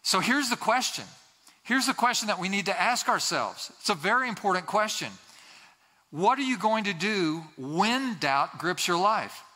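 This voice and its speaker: Long hall reverb colors this church sanctuary sermon, where a pastor preaches in a high, pushed, bright voice. He is expressive and earnest at a moderate pace, repeating key phrases for emphasis and sometimes voicing the people he quotes.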